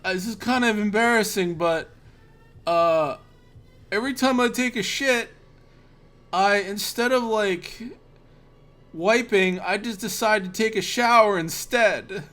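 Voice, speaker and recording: A man's voice: high voice, takes it slowly, long pauses, a bit bright. A man voicing his sheepish young male roommate, who laughs while confessing something embarrassing. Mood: embarrassed.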